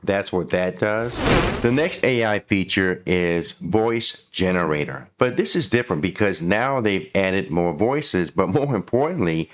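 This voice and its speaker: A man hosting a software tutorial, talking casually and thinking aloud as he clicks through the program. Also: low voice, animated, measured pace. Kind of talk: screen-recording software walkthrough.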